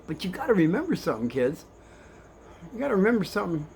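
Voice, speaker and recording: This is an older man with a fairly high-pitched voice, telling a story to children in a loose, rambling way. He drops to a hush and then rises to excitement. A faint hiss sits behind him. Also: fast, vocal fry. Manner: rambling, animated, swings between hushed and excited. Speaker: vlogger telling kids a story. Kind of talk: casual storytelling to kids.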